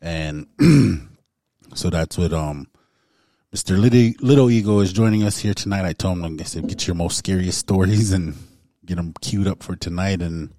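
A man hosting a relaxed show and inviting his guests to share stories. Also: deep voice, normal speed, no room sound. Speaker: host. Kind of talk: casual podcast hosting.

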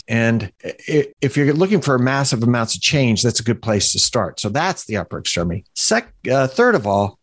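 A man's voice: medium pitch, no echo. Man explaining on a podcast. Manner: explanatory, thinking aloud with restarts. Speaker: podcast co-host. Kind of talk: casual podcast discussion.

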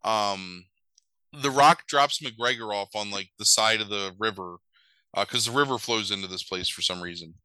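A man's voice: lowish voice, moderate pace, pushed and bright, smooth, no echo, rough recording. A man casually retelling a movie plot, swearing and acting out the characters' lines in mock voices. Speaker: podcast host recapping a movie. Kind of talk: casual chat.

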